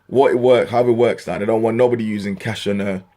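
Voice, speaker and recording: A man's voice: on the low side, fairly even intonation, fast, dark tone. A young man from England ranting to camera in an exasperated, swearing comic style, his voice jumping up when worked up. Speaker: vlogger.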